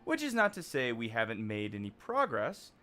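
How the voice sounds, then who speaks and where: A man voicing a rough-talking male airship engineer in a hammed-up, broad, working-class put-on accent, reading game dialogue aloud. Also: mid-range voice, wildly swooping pitch, moderate pace, pushed and bright, faint music behind. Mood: hammy.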